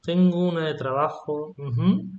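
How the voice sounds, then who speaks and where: A man's voice: a little high, normal speed, muffled recording. Easygoing male teacher, roomy sound. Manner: relaxed, prompts often with 'yeah?' and 'ujú'. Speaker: Spanish teacher. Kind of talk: casual online language lesson.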